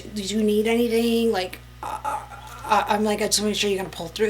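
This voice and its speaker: A woman telling a personal story to camera in a casual storytime vlog, chatty and animated, full of "like" and "you know". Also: mid-range voice, a little fast, a little hiss or hum, low-quality recording. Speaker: vlogger.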